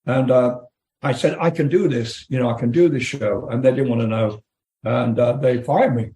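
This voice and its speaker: A man's voice: mid-range voice, moderate pace, mellow, roomy sound. An older English man, a rock singer, candidly telling profane stories in an interview, laughing as he goes. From England. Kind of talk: storytelling interview.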